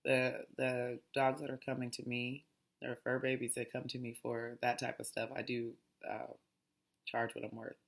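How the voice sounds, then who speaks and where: A woman's voice: a bass voice, vocal fry. A woman hosting a casual mindfulness talk, reading aloud in a chatty, digressive way and often restarting her lines. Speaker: host.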